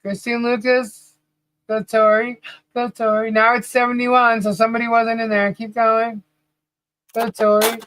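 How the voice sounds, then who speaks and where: A woman's voice: fairly high pitch, flat delivery, a little slow, a bit bright, poor audio. A woman co-hosting a podcast livestream, chatting casually and laughing often as she tells stories and calls out names from the chat. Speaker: podcast co-host.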